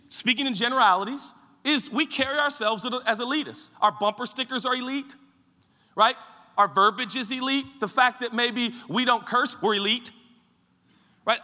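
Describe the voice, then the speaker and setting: A man preaching a sermon as pastor, swinging from shouted peaks to hushed, low asides. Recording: echoey hall with long reverb.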